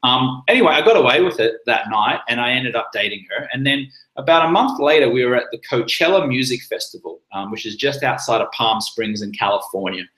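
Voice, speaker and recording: A man's voice: medium pitch, expressive, brisk, few pauses, a bit bright, reverberant, poor audio. A man hosting a live chat, telling a personal story in a rambling, casual way with many fillers and restarts. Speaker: livestream host.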